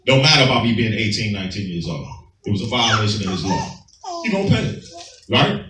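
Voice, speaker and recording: A man's voice: fairly low pitch, sing-song, fast, background noise. A man teaching a Sabbath class, preaching emphatically in a streetwise way and often asking his listeners if they follow. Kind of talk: preaching scripture commentary. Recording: roomy, far from the mic.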